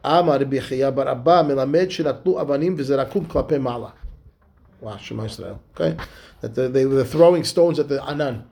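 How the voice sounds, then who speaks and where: A man, a rabbi, teaching a Talmud class, reading the text slowly and then explaining it in lively, halting English. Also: medium pitch, vocal fry.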